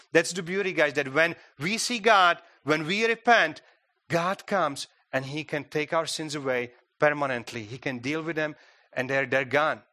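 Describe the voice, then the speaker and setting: A man's voice: fairly high pitch, pushed and bright. A man preaching a sermon in a church, talking conversationally with many fillers and restarts. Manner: conversational, frequent "you know" fillers and restarts. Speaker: guest preacher.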